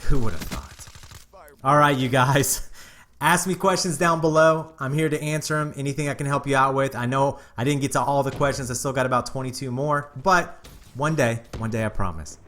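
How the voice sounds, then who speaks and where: A YouTube host speaks to his viewers at a moderate pace, with a medium-pitched, fairly bright voice and a faint hiss or hum on the audio. He candidly shares a personal story in a casual, earnest way.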